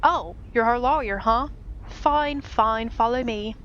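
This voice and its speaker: A woman's voice: on the high side, slow pace. A woman voicing a rude, impatient male prison guard who talks curtly and bossily. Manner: curt, bossy. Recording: dull audio under loud game music.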